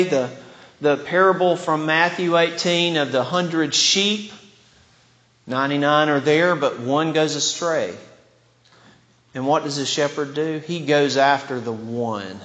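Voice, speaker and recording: A man preaching a sermon at an unhurried, deliberate pace, his voice sitting a little high for a man. He is earnest and often restarts his words. A long reverb trails each phrase, as if he is in a large church hall. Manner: earnest, with frequent word restarts. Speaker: pastor.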